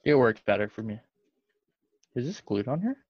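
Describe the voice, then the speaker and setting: A man's voice: mid-range voice, sing-song, normal speed, muffled recording. A man co-hosting a casual podcast over a video call, often correcting himself mid-sentence. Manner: hesitant, self-correcting. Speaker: podcast co-host. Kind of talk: casual chat.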